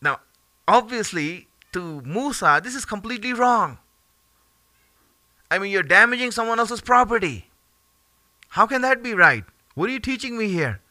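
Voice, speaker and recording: A man teaching a religious lesson in an animated, conversational way, often dropping in fillers between his points. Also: high voice, moderate pace, long pauses, no room sound. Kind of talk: storytelling sermon.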